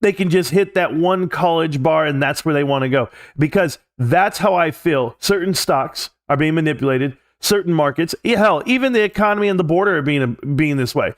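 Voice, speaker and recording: A man with a fairly high voice hosts a casual livestream, ranting loosely and bluntly to his chat. He swears now and then and jumps from one thought to the next as he talks straight to his viewers. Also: animated, normal speed, few pauses. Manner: rambling, blunt, mildly profane; addresses chat directly. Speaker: livestream host.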